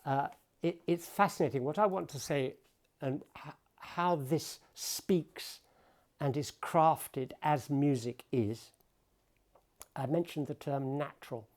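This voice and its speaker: Male pianist-lecturer, slow deliberate delivery, explanatory and thoughtful. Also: on the high side, darkish tone. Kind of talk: talk at the piano about poetry and music.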